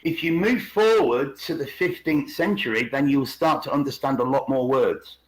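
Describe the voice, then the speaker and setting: Over poor audio, a medium-pitched Englishman based in China talks at normal speed as co-host of a casual conspiracy podcast. He rambles, repeats words while explaining, and slips into regional accents.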